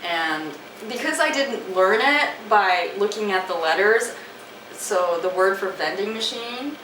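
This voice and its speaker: A woman who grew up in Japan tells chatty stories on a casual podcast and laughs along. She is recorded from a distance in an echoey room. Steady background noise sits under her voice. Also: medium pitch, normal speed. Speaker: podcast co-host. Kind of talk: casual chat, storytelling.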